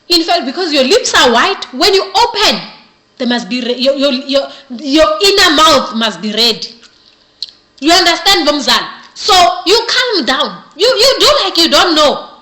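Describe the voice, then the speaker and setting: Bright, high-voiced woman in an echoey room. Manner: playful mock-serious, keeps asking "you understand?". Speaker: beauty vlogger. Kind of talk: comedic tutorial.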